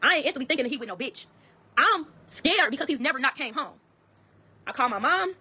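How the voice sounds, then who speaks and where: A woman telling her own story to viewers in a rapid, heated, profane way. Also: high voice, animated, pushed and bright. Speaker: storyteller in a social media clip.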